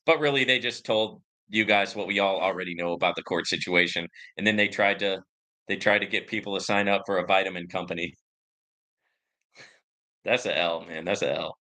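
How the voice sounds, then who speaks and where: This YouTube channel host speaks in a low, pushed, bright voice at a fairly quick clip with fairly even intonation. He jokes with viewers in casual commentary, full of comical voice inflections.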